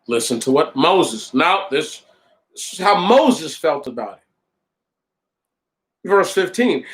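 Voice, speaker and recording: A man reading Bible verses aloud deliberately and stopping for lively, slangy commentary. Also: fairly high pitch. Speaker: Bible study podcaster. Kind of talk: scripture reading with casual commentary.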